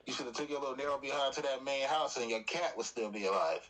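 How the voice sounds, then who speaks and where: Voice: medium pitch, fast talker, a crowd in the background, rough recording. A co-host in a casual soap opera recap chat, teasing and laughing often.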